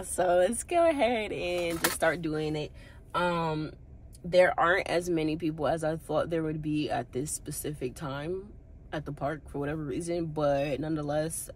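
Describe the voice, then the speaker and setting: A woman's voice: sits low, darkish tone, a little hiss or hum. A woman who runs a small business, chatting casually to her viewers as she vlogs outdoors and from her car on a handheld phone. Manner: chatty, talks straight to viewers. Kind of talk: casual vlog narration.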